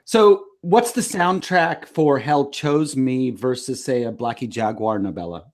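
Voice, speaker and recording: A man's voice: mid-range voice, measured pace. A man hosting a podcast, asking questions in a playful, teasing way. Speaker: podcast host. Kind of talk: interviewing with jokes.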